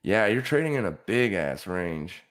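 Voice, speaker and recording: Male host, deep voice, casual live-stream trading talk, blunt coaching manner. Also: big pitch swings, unhurried.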